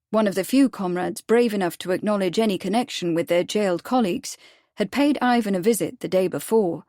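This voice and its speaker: A woman reading a period mystery audiobook in a measured, even scripted narration. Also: mid-range voice, no room sound, studio quality.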